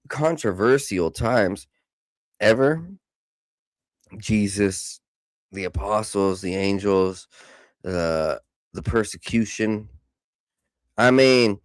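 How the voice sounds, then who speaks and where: A man hosting a podcast, reading news articles aloud with casual joking asides, stumbling over hard words, and saying he is high. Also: slow, pauses often, dry recording. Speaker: podcast host.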